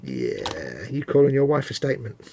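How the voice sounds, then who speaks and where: A man's voice: mid-range voice, fast talker, a little mellow, a little hiss or hum. A British man co-hosting a live model-making stream, chatting casually and teasing his co-host while he works. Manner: chatty, teasing, laughs easily.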